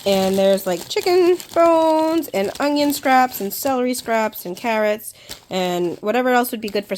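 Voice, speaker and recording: A woman with a blocked, congested voice chats her way through a home kitchen vlog, practical and full of little ums. She talks into a phone camera at an average pitch. A faint hiss of noise sits behind her. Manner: chatty, practical, with frequent ums. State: congested from a cold. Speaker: home cooking vlogger. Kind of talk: casual kitchen vlog narration.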